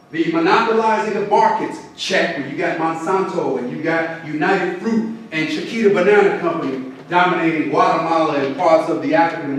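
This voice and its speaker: A man lecturing as a professor to a community audience, with a preacherly call-and-response cadence and punchy repeated refrains. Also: high voice. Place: lecture hall. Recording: far, very echoey hall recording.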